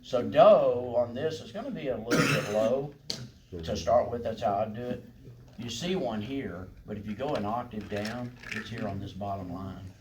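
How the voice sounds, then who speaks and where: A man's voice: medium pitch, moderate pace. Guy teaching church song leading, folksy and encouraging, keeps going "right?", bit of faint hiss. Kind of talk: congregational singing lesson.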